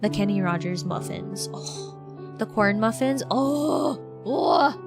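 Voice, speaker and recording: A woman, chatting casually and bubbly as a streamer, full of fillers and sudden excited shouts. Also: a little high, takes it slowly, creaky. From Philippines. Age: 20s. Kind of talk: casual livestream chat. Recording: background music playing.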